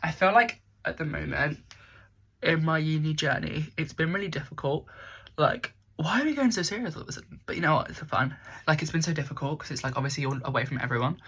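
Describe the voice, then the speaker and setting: Young woman, bright crisp voice, rambling casual makeup chat, self-mocking, bedroom. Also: sits low, animated, fast talker. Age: young adult. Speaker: makeup vlogger.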